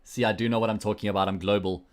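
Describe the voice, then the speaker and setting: A man's voice: lowish voice, steady tone, rapid-fire. A man with a South African accent casting an esports stream on his own, with a jokey, rambling manner, chatting with viewers between matches. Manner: jokey, rambling banter with frequent restarts. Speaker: esports caster. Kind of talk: solo livestream commentary, chatting with viewers.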